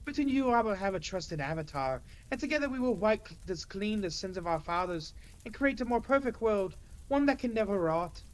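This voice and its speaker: A woman voicing a fanatical male cult leader in a low, solemn, preaching tone. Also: animated, brisk, hardly any pauses, lightly acted.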